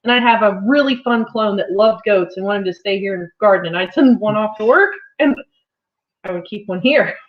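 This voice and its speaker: A woman's voice: mid-range voice, moderate pace. Chatty laughing woman hosting a livestream. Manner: chatty, laughs often, rambling. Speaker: farm channel host. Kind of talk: casual livestream chat. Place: home on a farm. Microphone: laptop mic. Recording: slightly dull lo-fi livestream audio.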